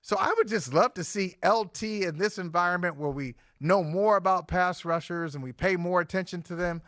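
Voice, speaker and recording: A man co-hosts a sports talk show in an easy conversational way, often restarting with a filler. His voice sits a bit high and sounds dry and close. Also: moderate pace, a bit bright, no room sound.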